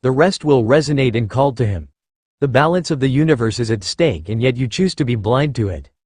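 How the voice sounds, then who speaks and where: A man's voice: mid-range voice, animated, fairly quick, darkish tone, no echo, studio quality, lightly acted. A man voicing an angry male sorcerer who snaps and snarls at his rival. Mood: stern.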